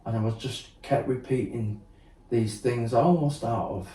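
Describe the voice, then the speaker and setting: A man's voice: mid-range voice, a little slow, warm tone. A man telling his story as a guest, blunt and sweary, acting out what people said. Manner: blunt, swears, acts out quotes, many fillers. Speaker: podcast guest. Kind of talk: candid storytelling. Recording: roomy sound, distant mic.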